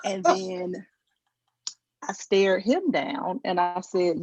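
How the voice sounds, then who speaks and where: Over a muffled, lo-fi video call, a Georgia comedian with a Southern drawl does stand-up, acting out quoted lines and poking fun at herself. She speaks in a lowish, darker voice, slowly and with long pauses, and there's no room sound.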